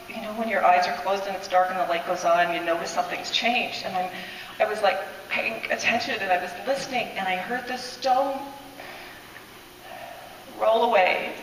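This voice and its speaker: A woman's voice: on the high side, fairly bright tone, a little hiss or hum. A woman telling a personal testimony in church, in emotional, breathless storytelling. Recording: echoey hall, speaker far from mic.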